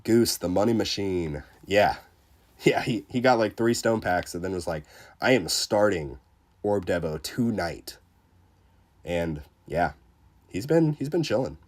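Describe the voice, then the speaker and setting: Low-voiced sick man chatting on a stream. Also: moderate pace. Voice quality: congested from a cold. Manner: relaxed, rambling, lots of fillers. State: sick, under the weather. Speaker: game streamer reading chat. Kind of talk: casual livestream chat.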